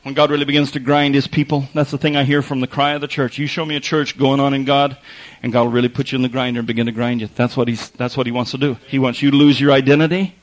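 A man's voice: medium pitch, flat delivery, quick pace, poor audio. A man preaching a sermon in a conversational way, repeating phrases for emphasis and slipping in wry asides. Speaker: pastor.

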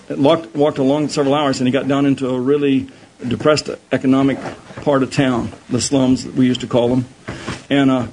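A man preaching a sermon, telling Bible stories in an animated way and often repeating his words. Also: medium pitch, slight background noise, low-quality recording.

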